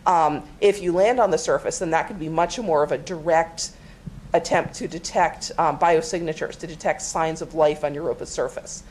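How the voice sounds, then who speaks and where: A woman with a slightly low voice gives a public science talk. She explains with enthusiasm and the occasional filler. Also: steady tone, moderate pace, darkish tone, a little hiss or hum. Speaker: planetary scientist panelist. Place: auditorium stage.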